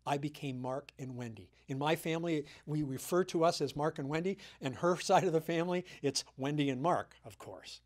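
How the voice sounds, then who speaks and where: A man's voice: fairly high pitch, brisk, few pauses. A man in his sixties, a guest speaker giving a sermon, retelling a story earnestly and repeating his key points.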